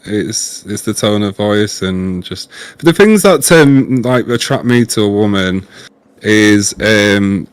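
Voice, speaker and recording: A man's voice: lowish voice, lively intonation, slow, clear, resonant tone, no room sound. A man in casual gaming-stream chat, earnest and chatty, often repeating words while he thinks. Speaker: guest streamer.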